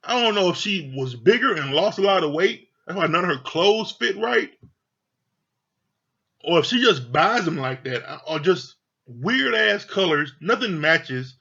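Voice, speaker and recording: A man's voice: high voice, animated, a little slow, creaky, sharp tone, husky. A man giving a casual, heated review of a reality TV show, talking bluntly and swearing freely. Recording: dull lo-fi sound.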